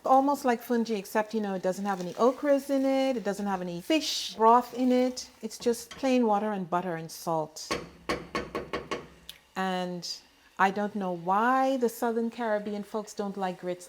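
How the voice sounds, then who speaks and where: A middle-aged woman talks through a recipe in her home kitchen. She takes her time, with a mid-range voice and a relaxed, chatty manner full of little personal asides. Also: mid-range voice, measured pace. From Bahamas. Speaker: home cook and farmer. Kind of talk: cooking demonstration.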